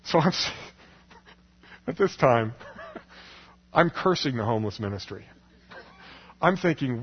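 A man's voice: medium pitch, animated, slow pace, pauses often, slightly rough. A man preaching a humorous personal testimony to a congregation, telling his story with frequent chuckles and self-mocking asides. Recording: echoey hall, dull lo-fi sound.

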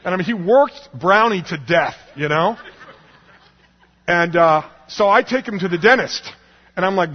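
A man's voice: high-pitched, lively intonation, normal speed, slightly rough. A man telling a personal story to an audience in a chatty way, laughing often and acting out the people in it. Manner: chatty, laughs often, restarts, acts out quoted voices. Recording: long hall reverb, dull lo-fi sound.

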